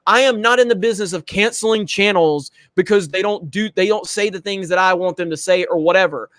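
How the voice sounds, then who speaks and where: A man's voice: sits high, brisk, a bit bright, no echo. A man hosting a casual livestream chat, blunt and confrontational, with frequent swearing. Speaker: show host.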